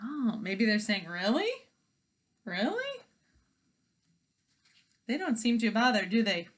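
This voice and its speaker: A woman teacher reading a picture book aloud to children, pausing to make predictions and ask questions. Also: medium pitch, expressive.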